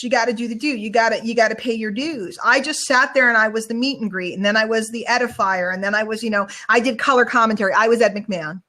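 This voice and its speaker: A woman's voice: a little high, sharp tone. A woman hosting a casual online show, chatting in a rambling, storytelling way over a video call. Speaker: show host.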